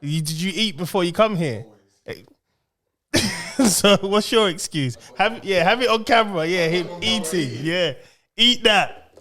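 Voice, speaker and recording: A young man banters on a podcast, ribbing his co-host and breaking into laughter. His voice sits fairly high and swings widely in pitch. He takes his time over each line. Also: animated, measured pace, sharp tone. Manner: teasing, laughs often. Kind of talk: casual banter.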